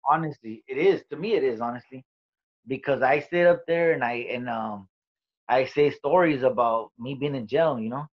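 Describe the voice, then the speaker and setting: A man's voice: medium pitch, moderate pace. Guy telling his story in a podcast chat, cusses a lot, street talk, kinda dull lo-fi sound, mid voice. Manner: swearing, streetwise storytelling with quoted dialogue. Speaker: interview guest, comedian. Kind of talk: casual storytelling interview. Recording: dull lo-fi recording.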